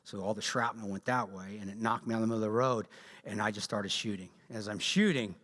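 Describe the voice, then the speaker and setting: Guest speaker, male, Southern drawl; animated, blunt storyteller with jokes, long church-hall reverb. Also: lowish voice, fast. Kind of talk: storytelling talk to a church audience.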